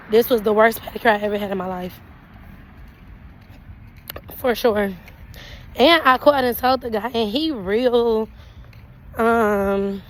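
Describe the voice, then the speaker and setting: A young woman telling a storytime vent to camera, animated and indignant, acting out her own side of the exchanges. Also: high voice, slight background noise, low-quality recording. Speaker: vlogger.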